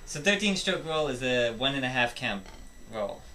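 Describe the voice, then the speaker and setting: A man's voice: mid-range voice, animated, moderate pace. A man teaching a drum lesson, explaining step by step and counting rhythms aloud. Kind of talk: instructional drum tutorial. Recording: loud music and drumming behind. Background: drum playing and music.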